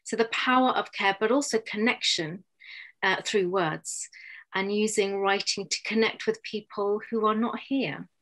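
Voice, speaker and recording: A woman interviewing a guest, earnest and pausing with many ums. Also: mid-range voice, fairly bright tone, poor audio. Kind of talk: interview questions.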